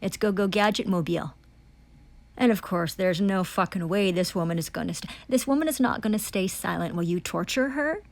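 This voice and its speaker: Speaking briskly in a mid-range voice, a self-described foreign diplomat delivers testimony as a furious, profanity-laced rant. She keeps repeating herself and starting phrases over, and the recording has no echo.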